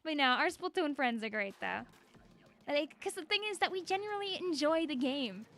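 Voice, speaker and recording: A woman's voice: sits high, expressive, normal speed, a bit bright. A young woman streaming a game, chatting casually and bubbly, laughing often. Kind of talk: casual gameplay chat.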